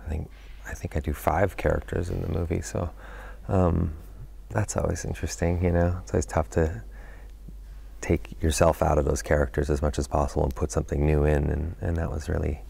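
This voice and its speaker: In a press interview about a film he acted in, a middle-aged man talks with a very deep, rough voice full of fry. He thinks out loud, circles back, and fills gaps with "you know" while hunting for words. His tone is level and dark, and he speaks fairly quickly.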